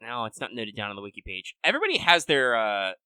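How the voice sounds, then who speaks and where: Man, podcast co-host, very bright tone, dry close recording, rambling casual chat, swears offhand. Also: on the low side, huge pitch swings, quick pace, clear, resonant tone, no echo. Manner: rambling, loose explanations full of "like" and casual swearing.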